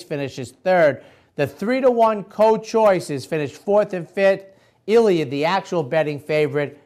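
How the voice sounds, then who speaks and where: A man's voice: high voice, darkish tone. A man hosting a racing show, recapping results in a casual, chatty way and addressing the audience directly.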